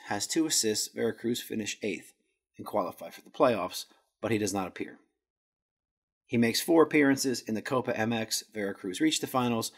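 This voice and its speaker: A man with a slightly husky voice runs a casual podcast recap from his notes. He tosses in jokey asides and trips over Spanish words as he goes. His pitch sits in a middle range. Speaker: podcast host.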